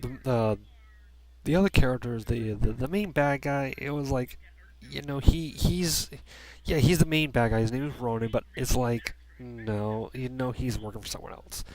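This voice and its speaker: A man's voice: medium pitch, normal speed, darkish tone. A man giving a casual spoken movie review from a room at home, rambling with many restarts and fillers.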